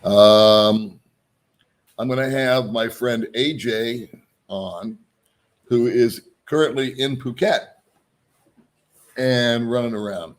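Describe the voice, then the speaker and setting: A man's voice: mid-range voice, takes it slowly, pauses often. A man hosting his own vlog, chatting casually and loosely, with frequent ums and chuckles. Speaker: vlog host. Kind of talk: casual rambling vlog chat.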